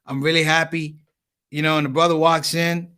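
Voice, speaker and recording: A middle-aged man telling a comic story to an audience, with punchy, animated delivery and repeated words for effect. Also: on the high side, normal speed, clear, resonant tone. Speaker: speaker.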